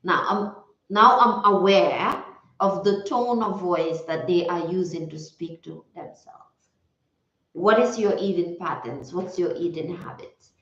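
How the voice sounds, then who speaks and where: A woman's voice: on the low side, a little slow, a bit bright. A woman wellness coach giving a casual motivational talk, reflective and repeating her key phrases. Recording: roomy, slightly dull recording.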